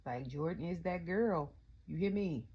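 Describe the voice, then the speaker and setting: A young adult woman, ranting casually about a wrestling event, telling it in animated quotes and often asking "okay?". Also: on the low side, unhurried, dull audio, slight background noise. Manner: animated storytelling, quotes her own reactions, frequent "okay?". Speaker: wrestling review vlogger. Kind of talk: casual rant.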